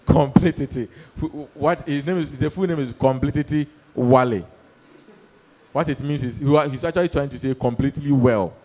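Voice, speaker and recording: A young man doing stand-up storytelling on stage, animated, acting out voices and laughing through his lines. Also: mid-range voice, normal speed. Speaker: stand-up comedian. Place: comedy stage before a live audience.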